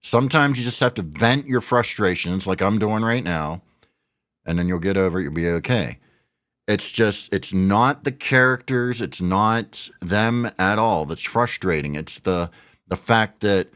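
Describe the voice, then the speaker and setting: A man's voice: deep voice, unhurried, fairly bright tone, no room sound, studio quality. A middle-aged man ranting in frustration about wrestling news, swearing often as he vents. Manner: frustrated, profane venting. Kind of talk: ranting commentary.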